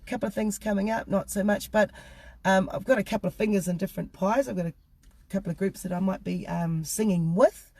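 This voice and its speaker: A woman's voice: medium pitch, brisk, vocal fry, no room sound. Bubbly New Zealand woman singer. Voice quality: laughs often, bubbly and warm-hearted. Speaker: singer and guest. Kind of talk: casual interview chat.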